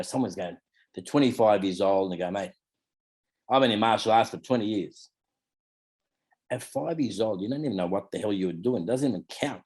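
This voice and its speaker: With a fairly low, warm, husky voice, an Australian martial arts teacher in his fifties talks informally in an interview. He tends to ramble, peppering his speech with "you know" and "mate."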